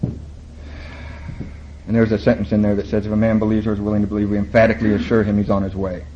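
A man's voice: lowish voice, monotone, brisk, slight background noise. Wry man telling recovery stories. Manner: wry, self-mocking, quotes and acts out others. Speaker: recovery meeting speaker. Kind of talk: storytelling talk to a recovery meeting. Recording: dull lo-fi room recording, faint ambience.

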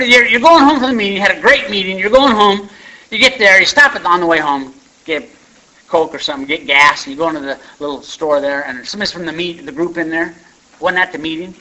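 A high-pitched, sharp-toned man shares his personal story at a recovery meeting, in a muffled lo-fi recording with a bit of hiss or hum. He speaks in a folksy, conversational way, making plenty of asides to the room.

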